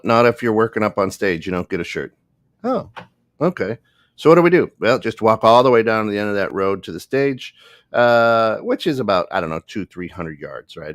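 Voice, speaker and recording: A man's voice: lowish voice, dry recording, studio quality. A man co-hosting a podcast, telling a story in a casual way and acting out the other people in it. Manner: animated, acts out the other people in his story. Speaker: podcast co-host.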